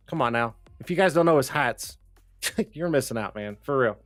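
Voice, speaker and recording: A man's voice: on the high side, expressive, moderate pace, a bit bright, no echo, faint music behind. A man hosting a casual livestream chat, joking and swearing as he goes, his voice a bit strained. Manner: loose, joking, swears and laughs often. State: slightly strained voice. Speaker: livestream host.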